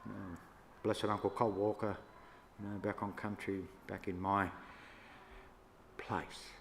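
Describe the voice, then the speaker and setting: An older Australian man, a First Nations elder, telling stories to an audience in a relaxed, yarning way with laughs between them. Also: fairly low pitch, measured pace, gravelly. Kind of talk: storytelling talk to an audience. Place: church hall. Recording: echoey hall, faint room noise.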